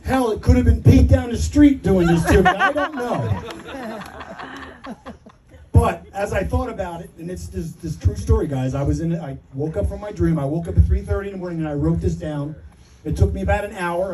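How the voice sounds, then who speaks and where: A man's voice: high-pitched, dark tone, far from the mic, poor audio. A middle-aged man giving a father-of-the-bride wedding speech, telling a story with self-deprecating humor and fighting back tears. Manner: self-deprecating, emotional, laughing through his story. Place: wedding reception hall.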